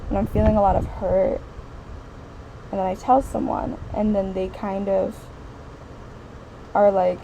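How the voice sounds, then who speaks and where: A woman's voice: mid-range voice, unhurried, vocal fry, pauses often, muffled recording. A woman vlogger talking casually about a book, rambling and emphatic with lots of fillers. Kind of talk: casual book review chat. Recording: steady air-conditioner hum behind the voice. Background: air conditioning hum.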